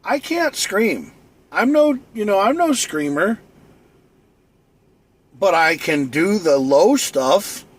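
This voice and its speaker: A man rambles through a late-night solo live stream, joking and boasting in an easygoing way. He talks slowly, and his voice sits a little higher than most men's. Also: sing-song.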